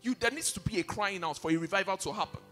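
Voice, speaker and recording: Man preaching, high animated voice, bright tone, echoing church hall with soft music underneath. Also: fast. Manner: impassioned, repeats key phrases for emphasis. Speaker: pastor. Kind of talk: sermon. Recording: reverberant hall with faint music behind.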